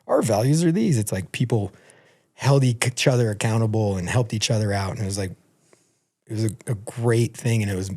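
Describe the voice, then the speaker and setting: A man, a podcast guest in casual talk, telling a story with lots of swearing and acting out the other people's lines in a higher, louder voice. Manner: animated, profane, acts out quotes in a raised voice.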